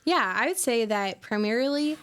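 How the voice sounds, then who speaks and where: A woman in her twenties, a worship pastor being interviewed on a podcast, talking in a reflective, soft-spoken way with many fillers. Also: on the high side, expressive, moderate pace, clean tone. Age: 20s.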